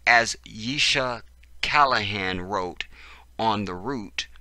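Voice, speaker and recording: A man reading out news commentary and reacting to it, animated and profane, swinging between low mutters and loud outbursts. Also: slow, no echo.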